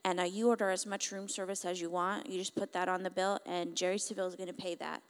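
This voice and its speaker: A woman's voice: fairly low pitch, little pitch movement, fast, clean tone, natural voice. A woman quoting a kind, generous male minister, in a fatherly and reassuring manner. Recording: long hall reverb.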